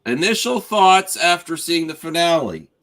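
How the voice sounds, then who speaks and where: A man's voice: a little high, expressive, normal speed, a bit bright. A man hosting a casual spoiler chat over a video call, rambling and restarting his sentences. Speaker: host.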